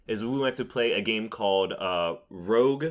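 A man's voice: on the low side, moderate pace. A man casually telling a gaming story on a podcast, rambling with fillers and restarts. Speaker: podcast co-host. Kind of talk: casual chat.

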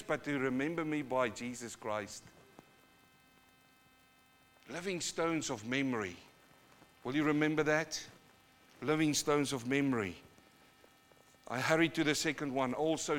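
Born in South Africa and speaking with a New Zealand accent, a male pastor preaches a live sermon in church, swinging from quiet moments to loud, dramatic urging. His voice is on the high side, captured in a live sermon recording.

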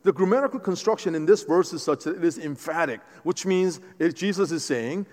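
A man preaching a sermon as pastor, animated and conversational, often restarting his phrases. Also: a little high, brisk, few pauses. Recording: long hall reverb.

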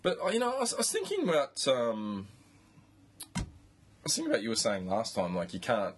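A man's voice: medium pitch, wildly swooping pitch, a little fast, a little hiss or hum. An Australian man hosting a podcast, chatting casually about football, rambling with restarts and the odd swear. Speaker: podcast host. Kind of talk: casual chat.

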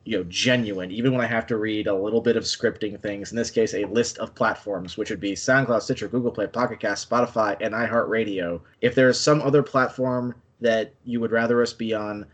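A man's voice: on the low side, steady tone, fairly quick, hardly any pauses. Easygoing male podcast co-host. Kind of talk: casual podcast chat.

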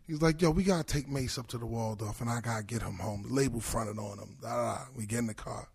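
A man's voice: mid-range voice, quick pace, vocal fry, breathy edge. A middle-aged man from Brooklyn with a New York accent, telling a long profane story in casual chat and acting out his friends' lines. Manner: animated, profane, acts out quoted friends. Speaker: podcast guest.

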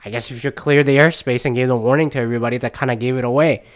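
Man, solo podcast host, casual rambling rant, frequent swearing, tired and under the weather, smooth clear voice. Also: medium pitch, steady tone, very fast. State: low on energy, under the weather.

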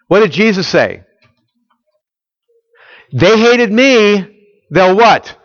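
In a dull, dry, lo-fi recording with no echo, a male pastor with a slightly high voice delivers a sermon. He poses questions to the audience, then supplies the answers himself.

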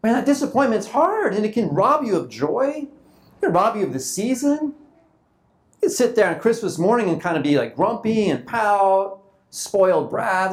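A man's voice: sits high, sing-song, moderate pace. A man preaching a sermon in a loose, conversational way, often repeating and restarting his phrases. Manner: informal, repeats and restarts phrases, acts out quoted thoughts. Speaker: pastor.

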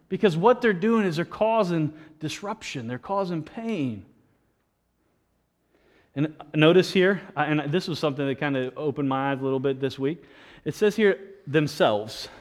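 A man preaching a sermon as pastor, animated, often restarting words and adding jokey asides to the congregation. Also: a little high, normal speed.

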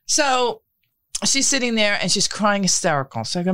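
A woman's voice: mid-range voice, normal speed, dry recording. A middle-aged woman, telling a long story in casual chat and acting out what others said. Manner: animated storytelling, acts out quotes.

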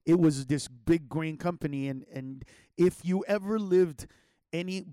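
A man's voice: fairly high pitch, a little slow, warm tone, smooth, no room sound, clean studio sound. A man telling a childhood story in a loose, rambling way, with slang and many restarts. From Los Angeles area. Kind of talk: casual personal storytelling.

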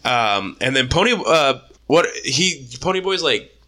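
A man in his twenties casually retelling a story in a profane, animated way, with frequent laughs. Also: medium pitch, unhurried. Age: 20s. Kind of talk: casual book discussion.

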